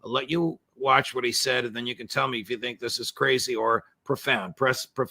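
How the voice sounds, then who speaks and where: A male host running a commentary interview in a formal, measured way, pausing on "uh" between phrases. His voice is gravelly, with a bright, forward edge. The sound is dry and close, with no room around it. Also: medium pitch, fairly even intonation, no echo. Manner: formal, measured, frequent "uh" fillers.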